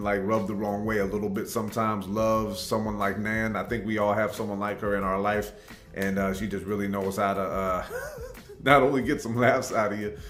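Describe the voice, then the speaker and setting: A man's voice: on the low side, echoey room. A man hosting a reaction video, chatting in a rambling, friendly way with lots of fillers. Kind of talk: casual chat.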